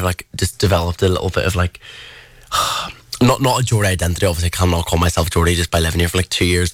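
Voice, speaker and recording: A man's voice: low voice, no echo. A young man in his twenties with an Irish accent, hosting a local radio show in a studio and chatting casually between songs, with lots of "like.". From Ireland. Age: 20s. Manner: chatty, peppered with "like".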